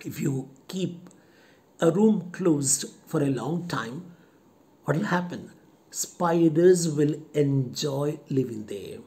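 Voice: medium pitch, animated, takes it slowly, mellow. A literature teacher lecturing on a play. The teacher restates each line, asks what the words mean and speaks to the character as if she were present. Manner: paraphrases the text, then explains words with questions and lists; addresses the character directly as if speaking to her.

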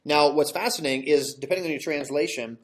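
A man with a slightly high voice teaches a verse-by-verse sermon. He walks his congregation through the text patiently, asking rhetorical questions and correcting his own slips as he goes. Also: fast. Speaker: pastor. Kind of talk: expository sermon. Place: church sanctuary.

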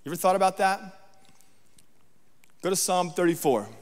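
Male guest preacher, slightly high voice, chatty sermon delivery, long hall reverb. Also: moderate pace. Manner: conversational, checks in with the congregation often; reads scripture aloud with emphasis.

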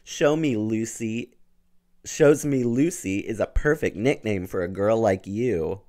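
A man's voice: lowish voice, unhurried, darkish tone, lightly acted. A man voicing a mocking teenage schoolyard bully. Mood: taunting. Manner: taunting.

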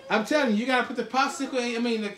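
Brief: excitable dad vlogger, bright forward voice, teasing hype-man energy, light background hiss. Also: very high voice, rapid-fire. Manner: hyped, teasing, calling out to viewers. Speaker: channel host and father. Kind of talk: casual vlog commentary.

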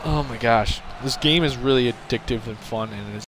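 A young man streaming a game, shouting excited commentary and bossy coaching at his teammate. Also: medium pitch, moderate pace, noisy background. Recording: game music behind.

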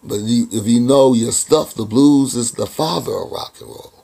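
A man with a gravelly, rough-edged voice, rambling through a personal story in a casual vlog. He chuckles often and keeps restarting his sentences. His voice has a breathy, husky grain. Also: mid-range voice, moderate pace, warm tone. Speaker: vlogger.

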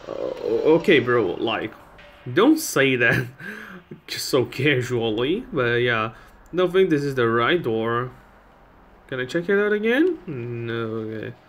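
Brief: laid-back male let's-player, slow talker, animated voice, jokey asides. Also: mid-range voice. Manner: chatty, joking, laughs at the game. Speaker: gameplay channel host. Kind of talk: casual let's-play commentary.

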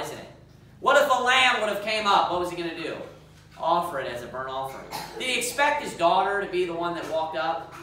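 A man's voice: high-pitched, pushed and bright. Emphatic preacher man in an echoey hall. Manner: emphatic, quizzes the congregation with questions. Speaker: pastor. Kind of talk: sermon with scripture reading. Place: church sanctuary. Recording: echoey church hall, mic far off.

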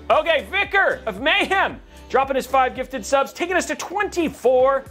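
A man's voice: extremely high pitch, lively intonation, moderate pace, fairly bright tone, soft background music. A man from California hosting a PC-building livestream, rambling and joking as he reads out chat. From California, USA.

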